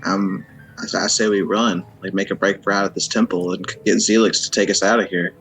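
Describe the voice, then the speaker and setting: A man's voice: deep voice, flat delivery, fairly quick, fairly bright tone, faint music behind, rough recording. A man playing in a tabletop role-playing game, speaking casually and hesitantly with lots of fillers. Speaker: player.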